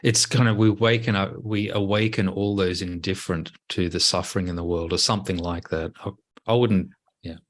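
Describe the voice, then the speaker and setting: A deep-voiced man co-hosts a healing session over a video call. He repeats each phrase in a calm, steady way. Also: brisk. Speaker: co-host. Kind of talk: live-stream healing session.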